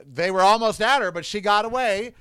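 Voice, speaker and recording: Man, vlogger at home, slightly high pitch, dry close sound, indignant rambling commentary. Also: brisk, bright, forceful tone, clean tone, dry recording. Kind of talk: casual political commentary.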